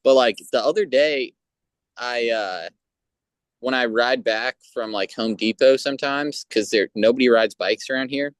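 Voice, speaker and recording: Soft-spoken hesitant man in a dry room. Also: mid-range voice, clear, resonant tone, dry recording. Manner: hesitant, halting, with restarts and "you know". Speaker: podcast co-host. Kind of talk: casual podcast chat.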